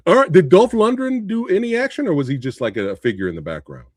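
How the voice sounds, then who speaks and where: A man's voice: sits high, very animated, a little fast, slightly rough, no echo, clean studio sound. A man hosting a casual podcast chat, joking and laughing often. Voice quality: laughs often, jokey, throws in a mock English accent. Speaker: podcast host.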